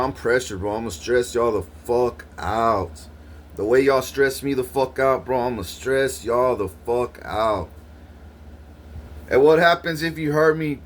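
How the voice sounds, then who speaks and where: Swearing and issuing threats, a man rants in a rambling, profane way, his pitch leaping upward as he grows heated. His voice is a bit bright.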